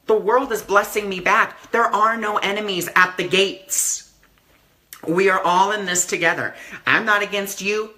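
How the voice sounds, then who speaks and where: A man's voice: sits high, pushed and bright. A man giving a casual live-stream talk as a spiritual teacher, earnest and repeating affirmations, with many "you know" fillers.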